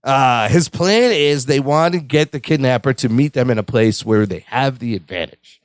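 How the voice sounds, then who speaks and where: A man's voice: medium pitch, normal speed, no room sound. A man co-hosting a podcast, animatedly retelling a sitcom episode in casual chat and laughing often. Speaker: podcast co-host.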